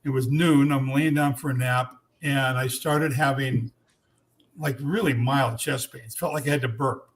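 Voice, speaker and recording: A man's voice: mid-range voice, fairly even intonation. Frank older man telling his story. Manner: frank, earnest, blunt language, halting restarts. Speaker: guest. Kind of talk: candid personal storytelling.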